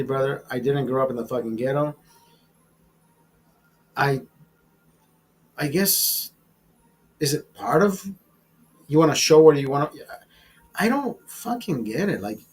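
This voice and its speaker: A man hosting a live stream, ranting in a casual, profane and animated way. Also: on the high side, breathy edge. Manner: profane, animated, laughs at his own bits. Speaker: show host.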